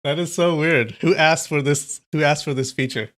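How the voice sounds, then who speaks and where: A man's voice: fairly high pitch, moderate pace, a bit bright. A man hosting a casual livestream, chatty and thinking aloud, laughing often. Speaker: streamer.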